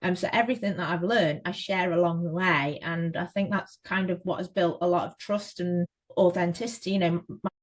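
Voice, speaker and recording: A woman from England, a photographer, talking casually as a podcast guest and telling her story in a lively way with plenty of fillers. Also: lowish voice, brisk, low-quality recording.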